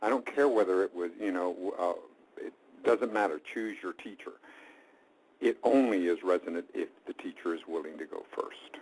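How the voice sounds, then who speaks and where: A man's voice: low-pitched, moderate pace, a little mellow, husky, low-quality recording. A man hosting an interview, speaking emphatically, with repeated words and restarted sentences. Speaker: talk show host. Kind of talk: interviewing a guest.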